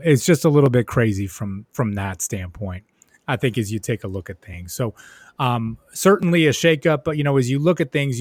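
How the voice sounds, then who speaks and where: A male sports podcast host, slightly hoarse from losing his voice, talking in a casual, conversational way full of fillers and tag questions. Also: mid-range voice, no echo, studio quality. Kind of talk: casual spoken commentary.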